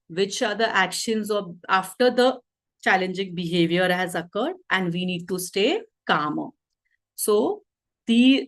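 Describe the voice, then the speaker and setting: A woman leading an online teacher training over a video call, explaining calmly and checking in with "okay?". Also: mid-range voice, poor audio.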